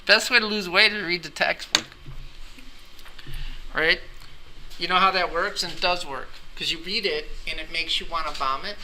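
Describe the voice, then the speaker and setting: A man's voice: high voice, normal speed, long pauses. A man teaching an anatomy and physiology class, lecturing in a playful, teasing way with rambling jokes. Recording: classroom recording with background noise.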